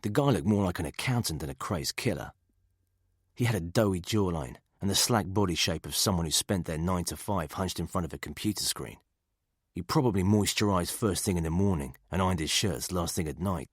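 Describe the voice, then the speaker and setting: A man giving steady, measured scripted narration of a thriller audiobook. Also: sits low, husky, no echo, clean studio sound.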